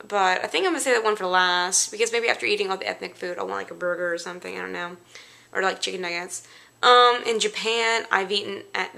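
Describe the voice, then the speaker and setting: Young woman vlogging, chatty and rambly, bright voice with lots of fry. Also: medium pitch. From Louisiana, United States. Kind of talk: casual chat.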